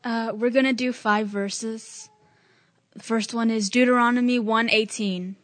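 A woman's voice: fairly high pitch, a little slow. Young woman reading scripture aloud. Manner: steady, plain reading. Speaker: scripture reader. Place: church sanctuary.

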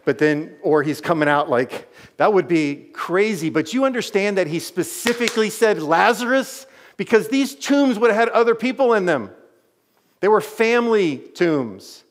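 Animated storytelling male pastor. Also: high-pitched, moderate pace. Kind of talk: sermon.

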